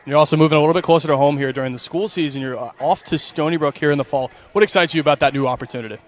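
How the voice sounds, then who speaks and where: A man's voice: fairly high pitch, racing. A man working as an on-field reporter and analyst at a baseball game, talking in a friendly, conversational way. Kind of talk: sideline interview and game analysis.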